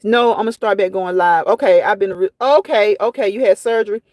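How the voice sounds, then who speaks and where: A woman's voice: medium pitch, fairly quick, a little mellow, no echo. A woman hosting a casual live stream, reading viewers' comments aloud and reacting to them in a chatty way that often repeats phrases.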